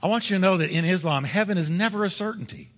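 A man preaching a sermon as pastor, driving points home with repetition and slowing down on key words. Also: high voice, in a large hall.

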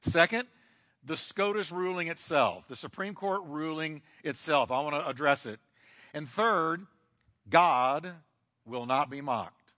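A male pastor preaching a sermon emphatically, with sweeping shifts in pace and dramatic pauses, in a church. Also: on the high side, lively intonation, bright, forceful tone. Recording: long hall reverb.

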